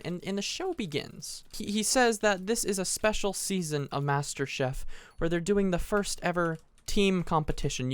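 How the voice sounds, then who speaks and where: A teenage boy telling a long, rambling story as casual commentary over a game he is playing, animated, restarting sentences and adding asides. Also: fairly high pitch, clear, resonant tone, no echo. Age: teens. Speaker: gaming channel host.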